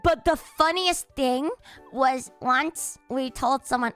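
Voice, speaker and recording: A young woman streaming, telling stories in a chatty, animated way and laughing loudly and often. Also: high voice, unhurried, soft background music. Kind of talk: casual chat stream.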